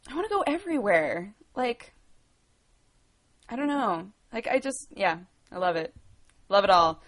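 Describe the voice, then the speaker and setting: A woman in her twenties from the United States, chatting casually on a livestream, rambling and laughing as she answers viewer questions. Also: on the low side. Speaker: livestream host.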